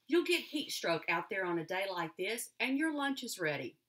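A woman voicing a firm, no-nonsense mother who talks in a brisk, commanding way. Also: medium pitch, very animated, a bit bright. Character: firm, no-nonsense mother calling her child in.

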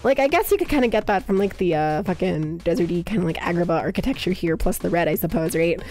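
A woman streamer chatting live while guessing games, excitable and swearing a lot, bursting into high yells. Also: fast talker, faint music behind.

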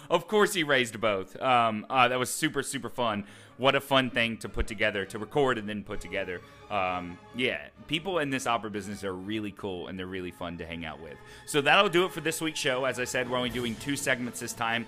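A man's voice: medium pitch, normal speed, sharp tone, soft background music. A man hosting a casual web show, upbeat and chatty with loose fillers. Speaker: show host.

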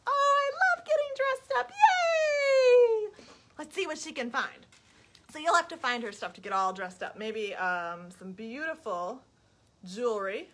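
A woman librarian reading a picture book and singing counting songs for young children in a playful, animated way on a livestream. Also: on the high side. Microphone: webcam or phone, livestream.

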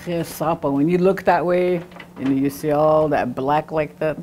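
A woman's voice: low-pitched, fairly even intonation, moderate pace, a little mellow, a little hiss or hum. A woman teaching a language class, patiently repeating sounds to demonstrate them. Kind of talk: classroom lesson.

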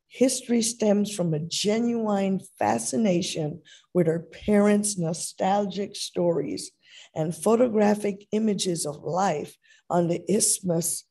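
Slow, gravelly woman reading an introduction. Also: medium pitch, warm tone. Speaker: moderator introducing a speaker.

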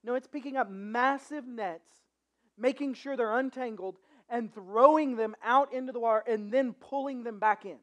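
A pastor retelling a story during a sermon in a casual, animated way, with frequent restarts. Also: mid-range voice, normal speed.

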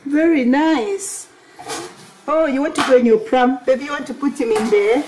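A woman's voice: high voice, normal speed. A young woman, a mother filming a family vlog at home, gushing and exclaiming in casual chat and often laughing. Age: young adult. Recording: noisy home recording.

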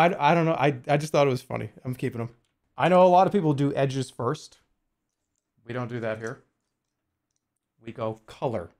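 A man streaming casually, joking and swearing freely, arguing with his chat and muttering while he works on a jigsaw puzzle. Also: mid-range voice.

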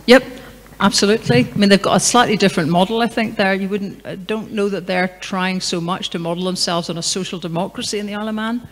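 Speaking fast with a steady tone and mid-range voice, a middle-aged woman lectures and fields a Q&A question in a large hall. Her style is emphatic, chatty and full of anecdotes, heard through long hall reverb.

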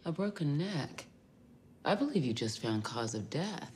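An actress playing a calm, practical female lab colleague who speaks firmly. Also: deep voice, measured pace, slight background noise. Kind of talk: TV drama acting. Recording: TV soundtrack with music underneath.

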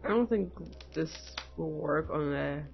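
A woman talks slowly and casually through a mystery game, murmuring her thoughts as she goes. Her voice sits a little low and sounds slightly muffled. Game music plays faintly behind her. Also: lively intonation, vocal fry. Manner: unhurried, chatty, muttering to herself. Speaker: game player. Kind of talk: casual let's-play commentary.

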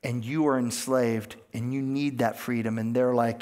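A man's voice: steady tone, moderate pace, hardly any pauses, a little mellow. Man preaching an earnest sermon. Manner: earnest preaching, rising in pitch and volume on key points, acting out quoted voices; plain delivery with fillers and restarts, not scripted. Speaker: pastor.

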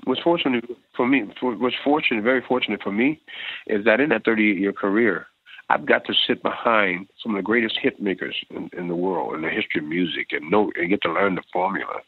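Deep gravelly man on a phone line. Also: no room sound. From United States. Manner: emotional, halting, many restarts. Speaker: drummer guest. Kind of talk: phone interview.

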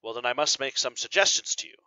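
A man reading aloud as a calm, suave detective questioning a suspect. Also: mid-range voice, fast talker, smooth, dry recording. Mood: probing. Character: calm probing male detective interrogating. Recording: slightly dull lo-fi recording.

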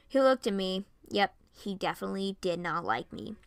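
A woman reading a first-person fan story aloud, soft and plain, close on a home mic. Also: mid-range voice, moderate pace, gravelly, clean tone, no echo.

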